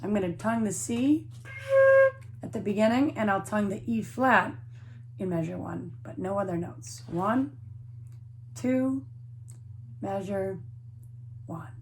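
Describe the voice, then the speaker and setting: A woman teaches a flute lesson to young students in a patient, encouraging way. She explains each step clearly, with a mid-range voice. A faint hiss sits under the recording. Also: medium pitch, moderate pace.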